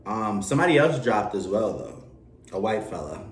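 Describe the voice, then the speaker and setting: A man's voice: lowish voice, normal speed. Laid-back slangy man, roomy distant sound. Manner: slangy, joking, animated banter. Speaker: podcast co-host. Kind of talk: casual chat. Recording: roomy, distant mic, light noise.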